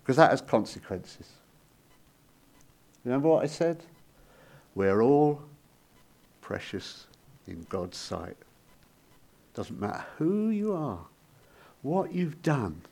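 Lively, storytelling male preacher. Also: mid-range voice, slow, gravelly, pauses often. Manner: storytelling, animated rises and sudden soft drops. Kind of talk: sermon.

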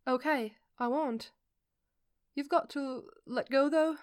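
A woman's voice: high voice, slow. A woman doing a flustered anxious young man. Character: anxious young man nursing a sick friend. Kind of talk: fan fiction reading.

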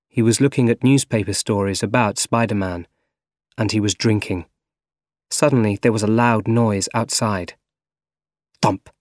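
A man reading a story aloud for learners, slow, clear and measured. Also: on the low side, dry recording, clean studio sound. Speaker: narrator.

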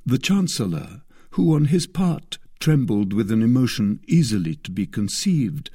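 Expressive male audiobook narrator. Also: mid-range voice, slightly rough, no echo, clean studio sound. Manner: expressive, measured reading. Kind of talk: audiobook narration of a classic novel.

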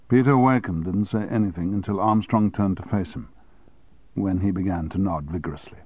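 A man narrating an audiobook in a steady, low-key manner. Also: fairly quick, dry recording, low-quality recording.

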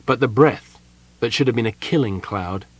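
A man with a husky, mid-range voice narrates a fantasy novel as an audiobook reader. His scripted narration is measured and dramatic, in a storytelling manner.

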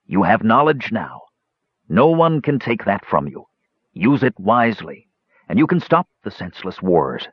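Man playing an ancient dwarf god, stern and commanding, husky voice, storybook reading, dry lo-fi sound. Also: on the low side, big pitch swings, a little slow, no room sound, full character voice. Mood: kindly. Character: flashy dwarf who is secretly an ancient god, stern yet kind. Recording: dull lo-fi dry recording.

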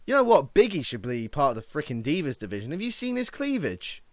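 High, lively-voiced man arguing hotly. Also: quick pace, no echo. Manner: argumentative, mocking, swears freely. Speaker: wrestling podcast co-host. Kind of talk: casual heated chat.

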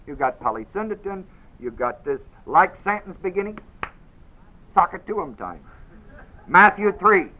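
A man's voice: high voice, very animated, normal speed, pauses often, narrow, tinny audio, slight background noise. A man teaching a Bible class. He reads verses with heavy emphasis and keeps putting questions to his listeners.

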